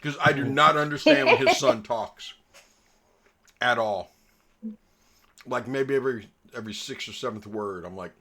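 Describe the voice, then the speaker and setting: A man's voice: mid-range voice, big pitch swings, normal speed, crowd noise. A man running a tabletop game as dungeon master, telling stories with laughter and casual swearing.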